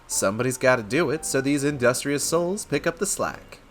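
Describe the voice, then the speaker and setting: Give me a man playing a smooth-talking game rogue with a lively, theatrical delivery. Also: mid-range voice, normal speed, slight background noise, natural voice. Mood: roguish. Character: charming roguish male rogue, smooth-talking.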